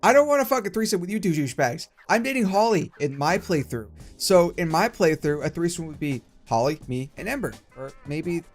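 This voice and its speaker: Young male gaming host, casual ranting commentary, lots of swearing, slightly high pitch. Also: animated, brisk, few pauses, soft background music. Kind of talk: casual let's play commentary.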